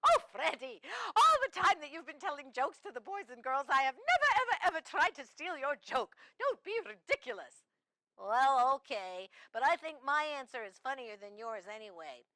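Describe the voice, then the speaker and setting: Mrs Claus, a jolly high sing-song hostess, played by a woman. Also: very animated, moderate pace, pushed and bright, no echo, exaggerated voice. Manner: sing-song, exaggerated, giggly. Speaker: children's show host. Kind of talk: children's TV character hosting.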